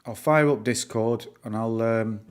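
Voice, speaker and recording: A man's voice: mid-range voice, measured pace, smooth. Chatty northern English man streaming. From northern England. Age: middle-aged. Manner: chatty, rambling, answers chat, lots of fillers. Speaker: livestream host. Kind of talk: casual live-stream chat.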